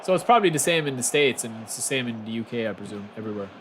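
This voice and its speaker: A man's voice: medium pitch, racing. Irish male game streamer, casual and chatty, mid-range voice, slight background hum. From south of Ireland. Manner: chatty, bursts into excited shouts. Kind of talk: casual gameplay commentary.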